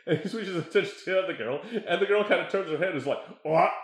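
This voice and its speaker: A man with a slightly high voice tells stories in a loose, animated way and laughs often. The recording has a roomy echo. He talks in a casual chat. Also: rapid-fire.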